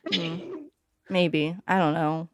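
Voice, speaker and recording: A woman playing a wary fantasy character in a tabletop game, speaking quietly. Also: on the low side, very animated, takes it slowly, no echo. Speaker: player.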